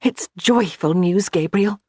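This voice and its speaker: A narrator voicing a kind, calm young noblewoman in an audiobook. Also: medium pitch, moderate pace, husky, dry recording, studio quality, voice pushed up. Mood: gentle. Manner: soft, reassuring. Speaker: character in an audiobook. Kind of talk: audiobook character reading.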